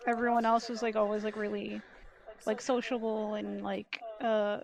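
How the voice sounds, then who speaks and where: A woman's voice: mid-range voice, flat delivery, moderate pace, creaky. A woman playing a tabletop game for the first time, hesitant and full of fillers. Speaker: novice player. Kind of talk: casual chat.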